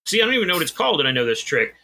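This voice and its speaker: Bright-voiced man rambling through a story. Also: on the high side, big pitch swings, very fast, slight background noise. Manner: rambling, self-deprecating anecdotes. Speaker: podcast co-host. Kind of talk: casual chat, storytelling.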